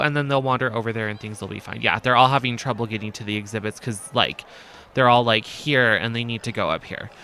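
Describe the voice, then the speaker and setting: A man's voice: medium pitch, normal speed, bright, forceful tone, clear, resonant tone. A man giving casual gameplay commentary as a let's play host, thinking aloud and hesitating with frequent ums.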